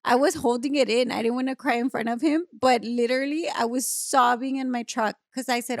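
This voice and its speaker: High-voiced, lively woman. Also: brisk, few pauses, no room sound, clean studio sound. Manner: animated, laughing, switching between English and Spanish. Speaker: podcast guest. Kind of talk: casual storytelling chat.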